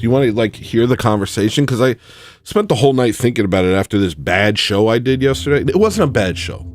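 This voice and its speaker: This livestream host has a mid-range voice and speaks fairly quickly and animatedly. He wanders through a comic monologue at his own expense, theatrical and punctuated by sudden yelling.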